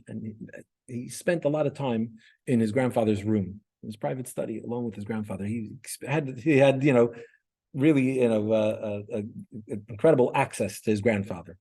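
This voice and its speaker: Medium-pitched, warm, and husky, this male instructor speaks at normal speed while teaching a class. He lectures conversationally and tells stories, often restarting sentences and checking in with students by asking "right?"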